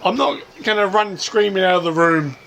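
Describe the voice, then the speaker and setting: A man's voice: sits high, normal speed, gravelly, a bit bright. A man from New Zealand with a New Zealand accent, chatting casually in a beer garden and acting out quotes as he tells stories. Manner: storytelling, acts out quotes. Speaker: guest. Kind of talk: casual chat. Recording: noisy outdoor ambience with birds.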